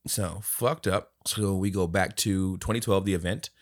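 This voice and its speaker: A man co-hosting a podcast in casual chat, an animated storyteller who swears a lot. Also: sits low, moderate pace, dry recording, studio quality. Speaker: podcast co-host. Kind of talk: casual movie review chat.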